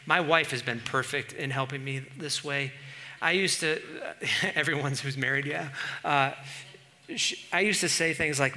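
A middle-aged man preaching a sermon as pastor, animated, swinging from quiet asides to loud bursts. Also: medium pitch, moderate pace.

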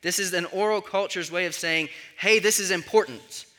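Bright high-voiced male pastor preaching. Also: moderate pace. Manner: conversational teaching with frequent "right?" check-ins. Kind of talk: sermon.

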